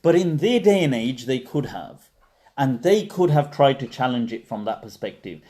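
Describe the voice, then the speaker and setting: A man's voice: mid-range voice, animated, moderate pace, warm tone. A man hosting a live question and answer session, explaining at length in a conversational way with many fillers and restarts. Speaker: Islamic scholar answering questions. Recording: livestream.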